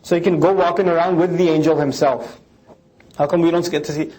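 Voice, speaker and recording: A man lecturing on scripture. He explains it line by line and mimics critics in quick asides. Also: fairly high pitch, steady tone, a little mellow.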